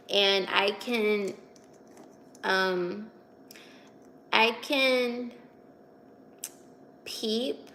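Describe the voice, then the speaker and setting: A woman's voice: mid-range voice, vocal fry, fairly bright tone, slight background noise. A young woman from Virginia hosting a casual livestream, chatty and giggly as she reads out and answers comments. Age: 20s. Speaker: livestream host reading chat.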